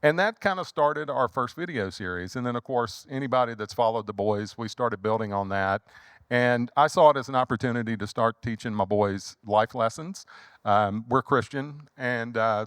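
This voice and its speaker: Animated Southern man telling a story. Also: medium pitch, moderate pace, clear, resonant tone, no echo, clean studio sound. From Louisiana. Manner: animated storyteller who acts out quotes. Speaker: guest, funeral home owner. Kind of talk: storytelling in casual chat.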